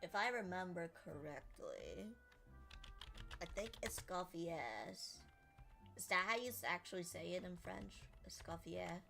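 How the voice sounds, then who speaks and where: A woman's voice: fairly low pitch, expressive, moderate pace, creaky, pushed and bright, soft background music. A woman streamer chatting casually and giggling with her chat while playing a game. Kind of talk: casual gameplay commentary.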